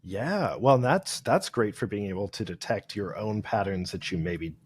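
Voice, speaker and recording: Deep-voiced man hosting a podcast. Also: animated, husky. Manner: halting, filler-heavy reactions. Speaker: podcast host. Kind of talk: conversational interview.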